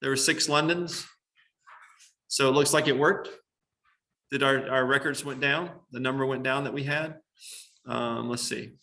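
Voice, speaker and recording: Bright-voiced man teaching a coding class. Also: medium pitch, steady tone, measured pace, pauses often. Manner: explains step by step, many "um" and "right?" checks. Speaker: computer science teacher. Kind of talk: classroom lesson on screen.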